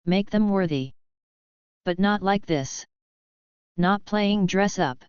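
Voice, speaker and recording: A cold, unhurried alien father speaks in a flat, matter-of-fact way, as a woman narrator reads him. The voice sits low and very clear, in a dry, slightly dull recording. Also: dry recording, close to an everyday voice. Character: cold, calm alien father, middle-aged man.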